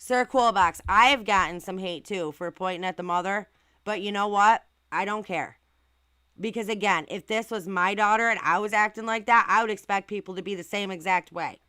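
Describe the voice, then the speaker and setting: A woman's voice: mid-range voice, normal speed, pushed and bright, smooth, no echo, clean studio sound. A woman hosting a casual livestream who reads viewer comments and reacts in an outspoken, indignant way with rhetorical questions. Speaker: channel host reading viewer comments.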